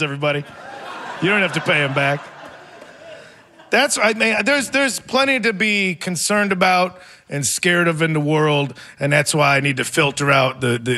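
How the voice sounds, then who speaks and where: This forties-aged comic works a live theater crowd with loose, self-deprecating material, frequently laughing as he talks. He speaks in a fairly high, bright, pushed voice.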